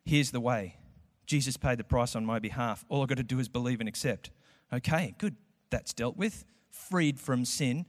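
A man's voice: medium pitch, normal speed, few pauses. A man preaching a sermon in a church, conversational and acting out quotes. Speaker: pastor. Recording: echoey hall with long reverb.

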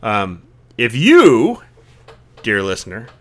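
A man's voice: fairly low pitch, huge pitch swings, takes it slowly. A man hosting a casual podcast conversation, talking in an earnest, reflective way in long, searching sentences. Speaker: podcast host.

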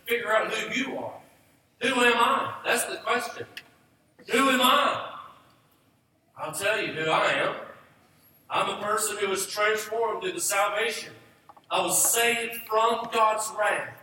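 A man's voice: high-pitched, bright, forceful tone, slight background noise. A male pastor preaching a sermon with emphasis, repeating rhetorical questions, recorded from a distance in a church sanctuary. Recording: distant echoey church hall.

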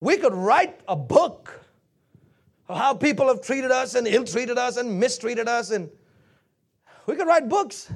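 Male pastor, very high voice, sermon delivery with loud shouts and sudden quiet drops. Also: very animated, measured pace, pauses often.

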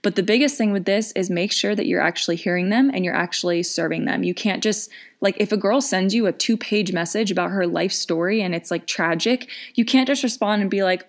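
A woman's voice: mid-range voice, brisk. A young woman in her twenties giving casual business coaching advice, chatty with lots of fillers and restarts.

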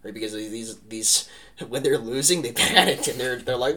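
Animated bright-voiced man. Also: mid-range voice, normal speed. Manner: animated, rambling, heavy use of "like" and "right?". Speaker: podcast co-host. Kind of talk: casual history discussion.

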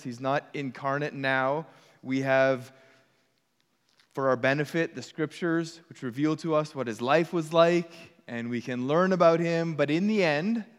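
A man's voice: fairly high pitch, clean tone, big-room sound. A man preaching a sermon in an earnest, conversational way, with casual asides to the congregation. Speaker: pastor.

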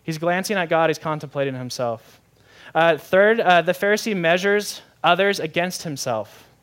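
A young man preaching a sermon in a lively, conversational way, often asking the audience questions. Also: on the high side, normal speed. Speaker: pastor.

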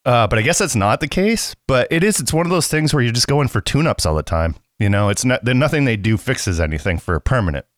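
A man's voice: medium pitch, animated, quick pace, few pauses, no room sound, clean studio sound. A man in his forties co-hosting a podcast, chatting casually and swearing now and then. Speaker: podcast co-host. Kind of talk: casual chat.

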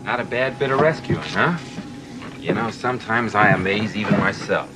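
A man's voice: fairly low pitch, moderate pace, close to an everyday voice. An actor playing a cocky, wisecracking male smuggler who talks in a smug, sarcastic way. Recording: old film soundtrack with hiss.

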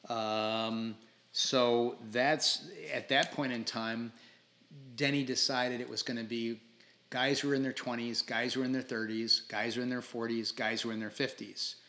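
A man in his sixties, a podcast guest telling stories in a casual interview, animated and quick to laugh, often restarting his sentences. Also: medium pitch. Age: 60s. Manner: animated, laughing storyteller who stumbles over restarts.

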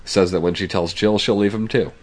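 A man with a sick voice, co-hosting a podcast and recapping a TV episode in a relaxed, musing way. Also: on the low side, a little fast. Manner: relaxed, musing, hesitant with fillers. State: sick, congested voice. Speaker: podcast co-host. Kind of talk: casual chat recapping a TV episode.

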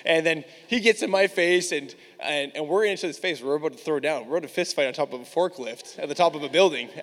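A man's voice: a little high, fast talker. A male preacher telling a personal story to his church in a candid, casual way, full of "like". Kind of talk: storytelling sermon. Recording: long reverb of a large hall.

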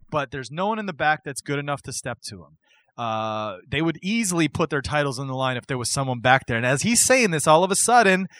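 A man's voice: fairly high pitch, fairly bright tone, dry recording. A man hosting a casual podcast chat who tells a story with energy, acts out the quotes and laughs often. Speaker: podcast host. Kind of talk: excited wrestling storytelling chat.

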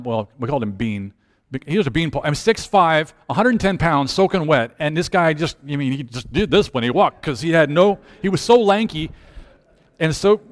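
Man pastor, lively storyteller, slightly high voice, long hall reverb. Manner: animated storyteller acting out quoted voices. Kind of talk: storytelling sermon.

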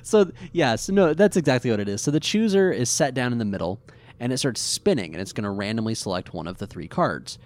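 A man co-hosting a podcast, casually recapping an episode in an animated, rambling way with fillers. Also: mid-range voice, quick pace, dry recording.

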